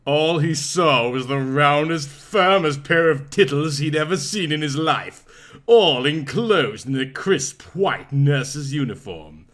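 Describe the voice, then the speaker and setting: A man reading a pulp story aloud in a lively, expressive narration. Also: fairly high pitch, slow pace. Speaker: story reader.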